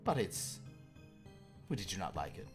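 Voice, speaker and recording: A man voicing an excitable, scatterbrained female party hostess who chatters and gets easily confused. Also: a bass voice, moderate pace, soft background music, pitched below the performer's own voice. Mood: chatty. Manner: chirpy, rambling, easily confused.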